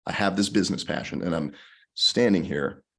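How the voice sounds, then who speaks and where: Deep gravelly man telling his story. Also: normal speed. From Colorado. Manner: animated, acts out quoted people. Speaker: podcast guest. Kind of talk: storytelling in conversation.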